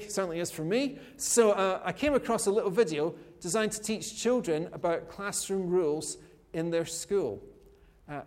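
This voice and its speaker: A man's voice: high voice, darkish tone. A man preaching a chatty sermon, with joking asides and rhetorical questions. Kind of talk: conversational sermon. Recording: long hall reverb.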